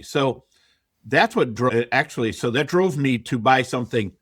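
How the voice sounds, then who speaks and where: A middle-aged man on a podcast, a real estate investor, frankly relates his story and quotes his former thoughts in an interview-style conversation. His mid-range voice is animated, a bit bright and husky, at normal speed. The audio is studio quality with no room sound.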